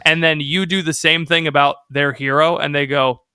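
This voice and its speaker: Young guy with a bright clear voice, jokey podcast banter, dry close mic. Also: fairly high pitch, moderate pace, dry recording. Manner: joking, animated, laughs often. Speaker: podcast co-host. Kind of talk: casual comedic podcast chat.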